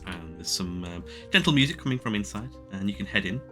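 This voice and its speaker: A man narrating a tabletop game as game master, in a casual, meandering way full of fillers. His voice sits fairly low but is bright and moves a lot in pitch. Faint music plays behind him. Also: animated, fast talker.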